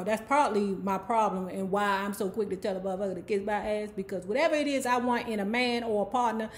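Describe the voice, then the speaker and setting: A woman casually retelling a novel's plot as a book club host, chatty and profane, with personal asides to the listener. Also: medium pitch. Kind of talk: casual book recap storytelling.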